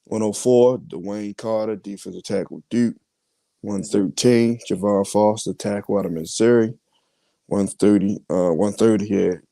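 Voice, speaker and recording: A man hosting a podcast, reading out his mock draft picks in a casual, halting way with many fillers. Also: on the low side, steady tone, gravelly, warm tone, no echo. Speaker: podcast host.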